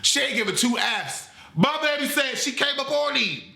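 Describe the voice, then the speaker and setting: A man giving a comedic movie review in a dramatic, sassy, animated way. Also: very high-pitched, normal speed, gravelly. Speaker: movie critic. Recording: roomy echo.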